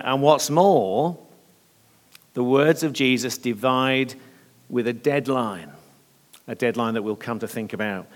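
A slightly hoarse man preaching a sermon in earnest, often pausing on fillers. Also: mid-range voice. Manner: earnest, with hesitant fillers and softening in prayer. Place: church. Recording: long reverb of a church hall.

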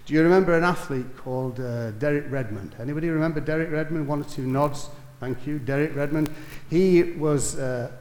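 A man preaching a sermon, telling a story that swells to emphatic peaks and drops to soft, quiet lines. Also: a little high, echoey room.

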